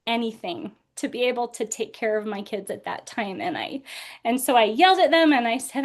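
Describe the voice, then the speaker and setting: A woman's voice: fairly high pitch, expressive, fairly quick. A woman in her forties telling a personal story as a podcast guest, earnest and laughing now and then through hard memories. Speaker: guest speaker.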